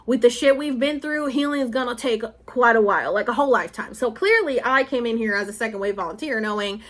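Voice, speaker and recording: A woman's voice: on the high side, quick pace. A woman in her thirties vlogging in a casual, confessional way, rambling emotionally and saying "like" often. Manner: rambling and emotional, heavy use of "like". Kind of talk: casual confessional vlog talk.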